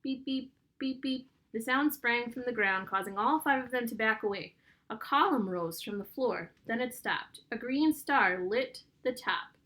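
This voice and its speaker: A woman reading a children's novel aloud in a steady, clear storytelling voice. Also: on the high side, normal speed. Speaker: audiobook narrator.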